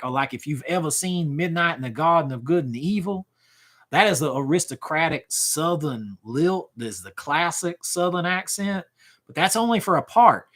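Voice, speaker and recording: On a livestream, a man in his forties chats casually in a bright, forceful tone. His pitch jumps around as he reacts to chat comments, and he rambles, often restarting his sentences.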